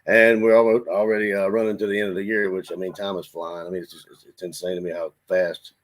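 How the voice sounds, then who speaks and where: A man's voice: deep voice, level tone, fast. A man from the Washington DC area, a podcast co-host who talks in earnest, meandering reflections in casual sports talk.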